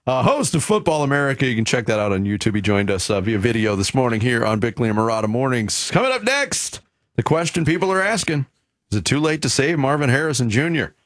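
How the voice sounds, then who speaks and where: A man's voice: medium pitch, very animated, fast talker, a bit bright, no room sound, clean studio sound. Radio host man wrapping up. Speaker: radio sports show host. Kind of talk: morning sports radio.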